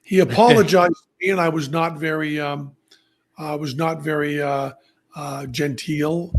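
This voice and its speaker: A man hosting a podcast, telling stories in a casual, animated way and laughing at his own anecdotes. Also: on the high side, unhurried. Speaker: podcast host. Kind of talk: casual storytelling chat.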